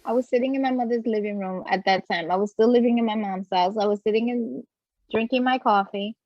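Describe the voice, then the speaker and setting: A woman in her thirties tells her memories in a lively, rambling way, full of "like" and "you know." Her voice sits a little high. The sound is dull and dead-dry, with no room around it. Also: brisk, no room sound. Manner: animated storyteller full of fillers. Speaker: interview guest. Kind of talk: casual chat.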